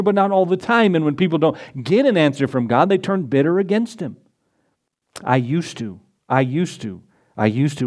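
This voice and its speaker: A man's voice: on the high side, a little mellow. Man preaching a conversational sermon. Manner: conversational preaching, acts out prayers and quotes. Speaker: pastor. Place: church in front of a congregation.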